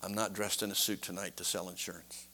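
A man voicing a middle-aged husband speaking quietly and tenderly. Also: sits low, level tone, fast talker.

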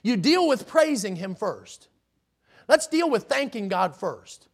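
Male preacher mid-sermon: high, gravelly voice, slows and swells on each verse. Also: sing-song. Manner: emphatic preaching, slows and swells on scripture readings.

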